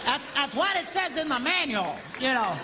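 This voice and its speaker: A man's voice: very high-pitched, very animated, normal speed, a loud crowd, heavy background noise, voice pushed up. A man voicing a fussy, rule-bound man who apologetically sticks to the manual. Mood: prim.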